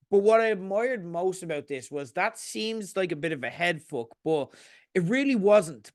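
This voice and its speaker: A man co-hosts a casual film podcast with a fairly high voice. He laughs readily, then settles into an earnest, thoughtful review. The recording is dry and close. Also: fairly bright tone, smooth, dry recording. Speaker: podcast co-host.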